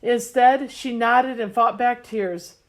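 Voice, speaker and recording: A woman reads a storybook aloud with a measured, expressive delivery. Her voice sits a little higher than most women's. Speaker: audiobook narrator. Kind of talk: scripted narration.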